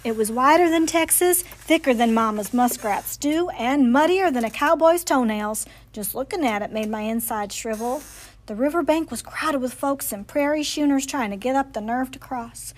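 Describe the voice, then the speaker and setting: High-voiced woman reading a storybook. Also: normal speed. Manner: expressive, playful storytelling. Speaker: library storytime reader. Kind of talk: reading a picture book aloud.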